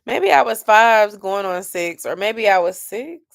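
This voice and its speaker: A woman's voice: mid-range voice, lively intonation, a little slow, gravelly. A woman, chatting casually and sleepily with viewers on a late-night livestream. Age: 30s. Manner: sleepy, chatty, yawning and laughing. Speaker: livestream host.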